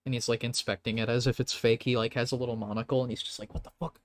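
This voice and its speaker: A man's voice: mid-range voice, level tone, racing, no echo. A man narrating a tabletop game as game master, casual and swearing freely. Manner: casual, swears often, laughs between lines.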